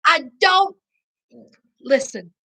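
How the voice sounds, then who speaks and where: A woman hosting a live-stream recap, chatting with her viewers in an animated, preachy way. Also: very high-pitched, very slow. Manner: animated, preachy, Southern slang, addresses chat as y'all. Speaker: reality TV recap host.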